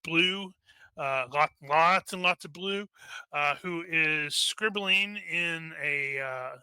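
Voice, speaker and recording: A game master narrates a tabletop game in a loose, rambling way, full of fillers and restarts. His voice is very bright and smooth, somewhat high for a man, and sits close and dry on the mic. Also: takes it slowly, dry recording.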